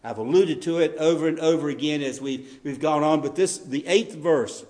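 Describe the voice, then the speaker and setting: A man preaching a sermon as pastor, earnest, rising on scripture readings and dropping low to stress key lines, with occasional ums and restarts. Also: moderate pace, a little mellow.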